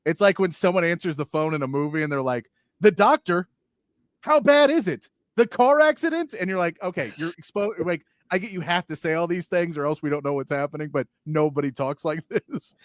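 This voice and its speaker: Animated man on a sports talk show. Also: a little high, fast talker, few pauses, no room sound, clean studio sound. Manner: animated, mocking, acts out movie lines. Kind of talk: casual chat.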